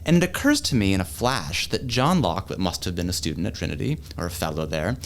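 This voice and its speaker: A man from New England, a history professor, telling a wry anecdote in an animated way. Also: low voice, brisk, a little hiss or hum. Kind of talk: anecdotal storytelling.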